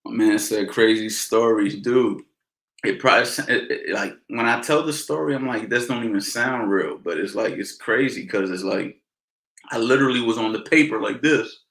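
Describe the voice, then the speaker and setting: A middle-aged boxing coach tells stories in a casual Q&A, animated and slangy, repeating phrases for emphasis. His voice is on the low side at a normal speed, and the recording has a roomy echo.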